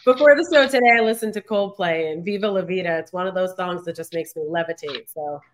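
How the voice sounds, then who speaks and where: A woman's voice: lowish voice, quick pace. Friendly woman podcast host. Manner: friendly, encouraging, laughs along. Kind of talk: interview questions.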